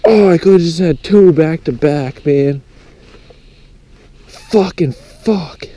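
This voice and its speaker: A young man excitedly narrating his fly fishing outdoors by a lake, swearing often and exclaiming over his catch. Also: a little high, unhurried. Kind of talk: excited outdoor vlog commentary.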